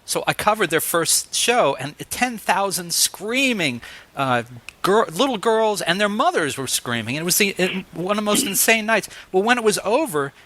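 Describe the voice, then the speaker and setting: Fifties guy hosting an interview, bright voice, pitched a bit high, animated storyteller. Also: moderate pace. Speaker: interviewer host. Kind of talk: casual interview chat.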